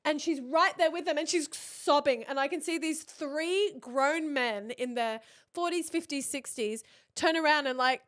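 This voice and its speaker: A woman in her thirties, co-hosting a podcast and telling a story in casual chat, animated and laughing as she acts out what people said. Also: high-pitched, a little slow. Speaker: podcast co-host.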